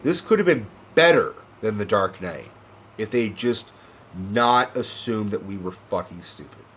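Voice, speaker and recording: A man's voice: fairly low pitch, expressive, measured pace, fairly bright tone, slight background noise. A young man giving a profane, impassioned movie-review rant, sarcastic and acting out characters as he goes.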